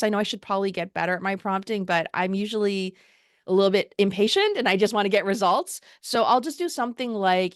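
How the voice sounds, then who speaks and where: A woman's voice: mid-range voice, no echo, clean studio sound. Upbeat woman teaching a screen-share tutorial. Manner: casual, upbeat, explains step by step. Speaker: ad marketing instructor.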